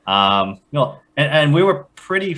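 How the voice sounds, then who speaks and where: A man's voice: a little high, big pitch swings, a little slow, fairly bright tone. A man talking candidly as a new father on a casual podcast, self-deprecating and chuckling.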